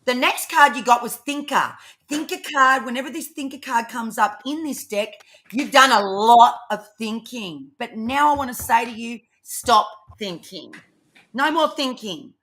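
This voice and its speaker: Fast-talking woman, tarot reader. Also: fairly high pitch, fairly bright tone. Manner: fast, rambling, swears freely. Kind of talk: live tarot card reading.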